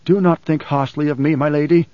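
A man voicing a tense male pilot and swordsman who talks in a curt, gruff, grating way. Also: a little high, fairly even intonation, brisk, no echo, close to an everyday voice. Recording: slightly dull dry recording.

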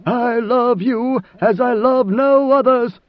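A man voicing a vast, ancient god-emperor who is part sandworm, speaking slowly and solemnly in an audiobook. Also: very high voice, dry recording, pitched above the performer's own voice. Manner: slow, solemn, measured. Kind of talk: audiobook character voice. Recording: dull lo-fi recording.

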